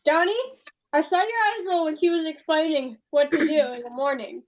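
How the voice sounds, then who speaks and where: Female guest, high pitch, playful mock menace, casual chat. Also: lively intonation, a little fast, rough recording.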